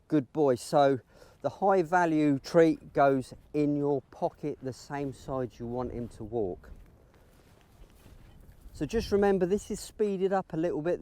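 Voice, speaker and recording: A man teaching dog training outdoors in a field, explaining each step calmly and breaking into high, excited praise for the dog.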